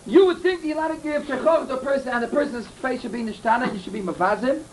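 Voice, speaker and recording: In this rough recording with slight background noise, a man with a very high voice lectures on Torah. A fast talker, he tells stories earnestly, says key phrases again and again, and blends in Hebrew and Yiddish terms.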